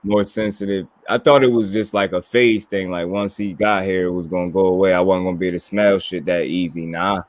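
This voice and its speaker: A man's voice: deep voice, fairly even intonation, fairly quick, few pauses, no echo. A young man co-hosting a casual talk show, telling loose, slangy stories full of profanity. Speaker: podcast co-host. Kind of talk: casual chat.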